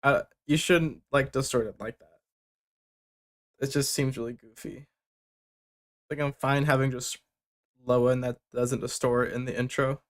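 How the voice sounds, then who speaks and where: A man's voice: medium pitch, steady tone, measured pace, pauses often. A young man hosting a livestream, bluntly reviewing submitted tracks with casual joking and swearing. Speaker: music producer giving feedback on submissions.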